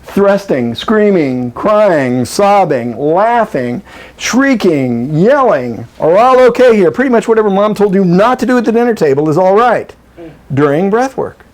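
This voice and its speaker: Middle-aged guy giving a workshop talk, kinda high voice, jokey, acts out little voices. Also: measured pace. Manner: animated, acts out quoted voices, jokey asides. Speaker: breathwork workshop presenter. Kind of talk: live lecture to a group.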